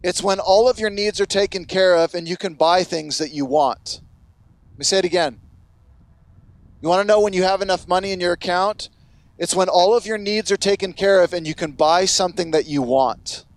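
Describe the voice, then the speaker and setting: A man preaching a sermon with a notably high voice, earnest and direct with his congregation. He slips into mocking impressions of a self-righteous prayer, and the sound is close and dry with no room echo. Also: normal speed. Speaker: pastor.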